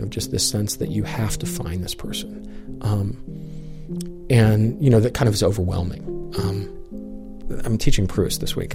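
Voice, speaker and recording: A man's voice: fairly low pitch, creaky. A middle-aged man, a professor, animatedly telling a personal story, full of casual fillers. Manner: lively, many "like" and "you know" fillers. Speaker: professor, interviewee.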